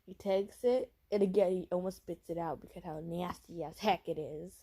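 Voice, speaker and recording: A woman's voice: lowish voice, steady tone, normal speed, mellow. A woman casually telling a role-play story to her listener, rambling with many fillers and giggles.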